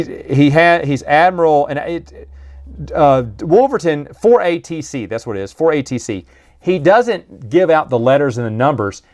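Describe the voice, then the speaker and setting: Casual male reviewer, mid-pitched, chatty and meandering. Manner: rambling, chatty, with many restarts and asides. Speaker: book reviewer. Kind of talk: casual monologue.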